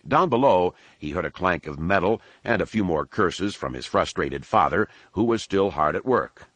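A man narrating an audiobook in a steady, unhurried storytelling manner. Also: low voice, no room sound. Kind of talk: scripted narration.

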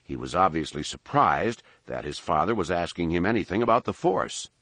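A man narrating an audiobook in a lively, expressive storytelling manner. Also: low voice, normal speed, no room sound.

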